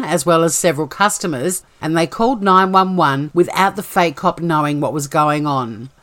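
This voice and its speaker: A woman's voice: low-pitched, a bit bright. An Australian woman hosting a true-crime podcast, reading a scripted story in a chatty, wry way. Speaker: podcast host. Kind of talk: scripted narration.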